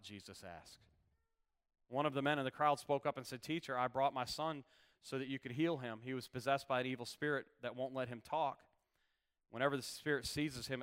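A man's voice: mid-range voice, a bit bright, clear, resonant tone. A man preaching a sermon as pastor, reading scripture aloud and stressing key words with repetition. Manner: reads scripture, then preaches with rising intensity and repetition.

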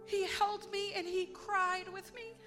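A woman's voice: very high voice, fairly even intonation, a little slow, sharp tone, faint music behind. A woman giving an earnest, heartfelt devotional testimony, speaking with emphasis.

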